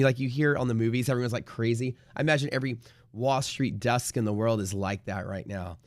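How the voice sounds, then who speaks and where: A man hosting a live day-trading stream, rambling casually with lots of swearing and sudden loud bursts of mock trader shouting. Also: mid-range voice, fairly even intonation, a little fast, no echo.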